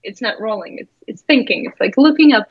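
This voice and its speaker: A woman's voice: on the high side, animated, brisk. Woman guest, chatty w/ lots of ums, slightly dull lo-fi sound. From Russia. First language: Russian. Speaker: guest, graphic designer. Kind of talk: casual interview.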